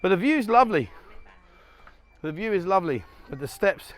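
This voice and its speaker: Chatty high-voiced man vlogging. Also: very animated, normal speed. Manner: chatty, jokey, addresses viewers directly. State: out of breath. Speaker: travel vlogger. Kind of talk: casual walking vlog. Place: outdoors on a hillside island resort.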